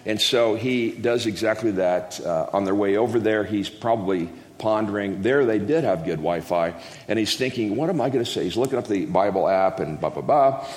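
A man's voice: fairly low pitch, moderate pace, few pauses, a little mellow. A man preaching a casual, joking sermon to a congregation, rambling and interrupting himself with folksy asides. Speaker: guest preacher. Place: church hall. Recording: echoey hall, long reverb.

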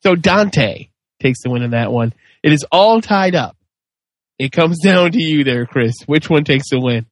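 A man hosts a loose, casual podcast debate and drifts into crude, joking stories. His voice sits a little high. The sound is dry and close. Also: animated, a little slow, no room sound. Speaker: host.

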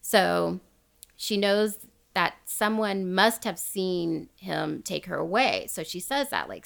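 Woman host, chatty storyteller, gravelly voice, laughs a lot. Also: fairly low pitch, very animated, takes it slowly, fairly bright tone. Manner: chatty, laughs often, quotes people as she tells. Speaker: podcast host retelling a true crime story. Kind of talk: casual storytelling chat.

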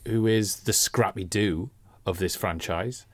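A man's voice: lowish voice, measured pace, dry recording. A man co-hosting a podcast, chatting in an enthusiastic, sweary way. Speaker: podcast co-host. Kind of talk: casual chat.

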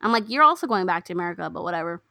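Her voice is fairly low and gravelly, and she talks at a rapid-fire clip on a recording without echo. She's a podcast co-host casually recapping a movie, telling the story with animation and performing the quotes herself.

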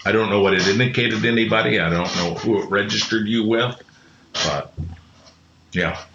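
A man's voice: fairly low pitch, moderate pace, pushed and bright, slight background noise. A middle-aged man, a podcast guest, telling earnest personal stories with many restarts. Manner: earnest, rambling with frequent restarts. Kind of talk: reflective personal storytelling. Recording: roomy, slightly muffled sound.

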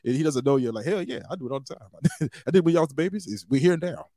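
A man's voice: medium pitch, animated, fast, mellow, dry recording. A man hosting a casual podcast on a wired desk mic, rambling with lots of fillers, restarts and laughs. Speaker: podcast host. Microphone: wired desk microphone.

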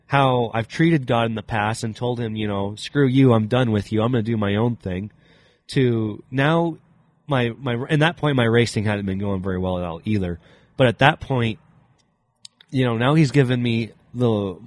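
Earnest young man telling his story. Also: mid-range voice. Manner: earnest, rambling storytelling with many fillers. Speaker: podcast guest. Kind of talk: casual personal testimony.

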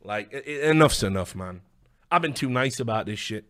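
A man's voice: mid-range voice, animated, normal speed, a bit bright, dry recording. A British man delivering a heated, profane video rant, combative and full of stammered restarts. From Britain. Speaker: online commentator.

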